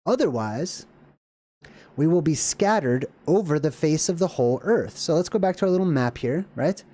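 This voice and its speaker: A man hosting a casual talk video, reading a passage aloud and breaking off into rambling, excited asides. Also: a little high, normal speed. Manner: rambling, animated asides with laughs and restarts. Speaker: video host. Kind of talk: casual lecture reading and commenting on scripture.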